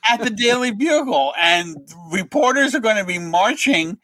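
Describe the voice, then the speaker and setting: A middle-aged man, a comic book writer guest, telling anecdotes in a lively way and acting out the lines of the people in them. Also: high voice, normal speed, no room sound. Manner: lively storyteller who acts out other people's lines.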